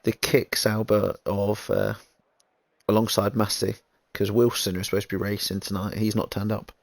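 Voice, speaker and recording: A man's voice: fairly low pitch, level tone, normal speed, vocal fry, no room sound. A man giving easygoing, rambling commentary on an online racing league, reading out chat messages as he goes. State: recovering from a kidney infection. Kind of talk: casual race commentary.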